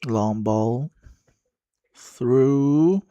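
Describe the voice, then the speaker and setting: Slow, halting male match commentator. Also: mid-range voice, dark tone, no room sound, dull audio. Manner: slow, halting play-by-play with pauses and musings. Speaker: watchalong commentator. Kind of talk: casual live match commentary.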